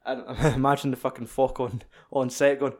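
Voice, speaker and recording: A man's voice: mid-range voice, level tone, normal speed, a little mellow. A man with a Scottish accent chatting casually and jokily about films, swearing freely and acting out lines. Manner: sweary, jokey, acts out film lines in other voices.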